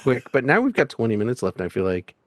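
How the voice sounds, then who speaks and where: A man's voice: mid-range voice, sing-song, dry recording, clean studio sound. A man co-hosting a podcast in casual chat, telling stories with a playful, rambling manner. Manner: playful, rambling storytelling with quick jokes. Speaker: podcast co-host.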